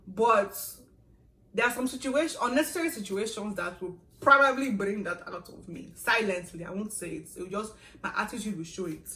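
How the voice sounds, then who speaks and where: A young woman vlogger telling a story in a casual, animated way, with laughs and asides. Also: medium pitch, fairly quick. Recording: echoey room, a little far from the mic.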